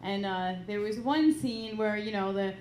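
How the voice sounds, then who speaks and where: Woman comedian, slow delivery, giggly and hesitant, echoey club room, faint ambience. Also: mid-range voice, darkish tone, slight background noise. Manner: giggly, hesitant with many ums. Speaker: stand-up comedian. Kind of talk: stand-up comedy.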